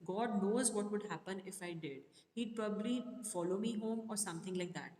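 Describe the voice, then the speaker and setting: A woman's voice: medium pitch, brisk, a little mellow, natural voice. A woman reading the lines of an anxious, dutiful schoolboy in a play during a lesson. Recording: echoey room with long reverb.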